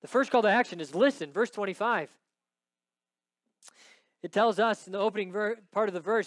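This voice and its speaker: Male pastor, high voice, dry close sound, dramatic sermon delivery with hushed drops and loud peaks. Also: moderate pace, long pauses, no echo.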